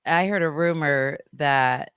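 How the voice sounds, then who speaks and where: A woman co-hosting a podcast who teases her friend and reacts with quick interjections. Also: deep voice, a bit bright, clear, resonant tone, no echo. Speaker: podcast co-host. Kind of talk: casual chat.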